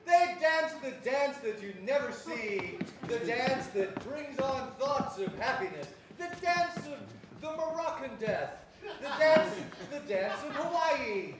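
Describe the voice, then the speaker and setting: A man's voice: extremely high pitch, expressive, slow pace. A man hosting a live improv comedy show, narrating the scenes with hammy energy. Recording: very echoey stage, far from mic, clear noise.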